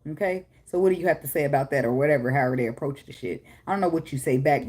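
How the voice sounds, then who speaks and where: Husky, blunt, profane woman tarot reader. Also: low-pitched, expressive, rapid-fire, few pauses, darkish tone. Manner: blunt, profane and laughing, breaks into snatches of song. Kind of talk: casual spiritual reading. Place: home, with a daughter nearby.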